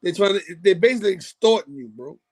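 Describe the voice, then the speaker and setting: A man co-hosts a podcast in loose, casual chat. His voice sits very high, and he talks in streetwise slang, hammering points through repetition. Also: expressive, fast talker. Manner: streetwise slang, repeats for emphasis. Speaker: podcast co-host.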